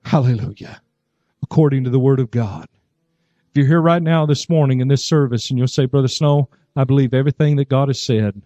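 A man's voice: mid-range voice, fairly quick, mellow, no room sound, highs cut off. A male pastor preaching a sermon to his congregation, telling a story and rising to fervent cries of praise. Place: church service.

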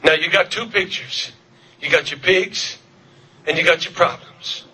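Raspy, fervent preacher man. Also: on the high side, measured pace. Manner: fervent, shouting at peaks, repetitive calls to the congregation. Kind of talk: revival sermon. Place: church service.

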